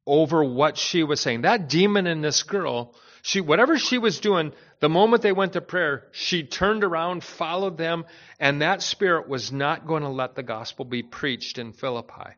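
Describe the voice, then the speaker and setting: A man preaching a sermon in a conversational, animated way, with many asides to the listeners. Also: fairly high pitch, a little slow, lo-fi sound. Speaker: pastor.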